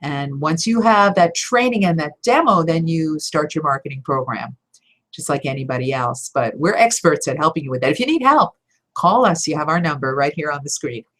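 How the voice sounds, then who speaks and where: A middle-aged woman coaching on voiceover careers, answering viewer questions in a chatty, animated, self-deprecating way. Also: deep voice, normal speed. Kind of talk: casual live Q&A talk.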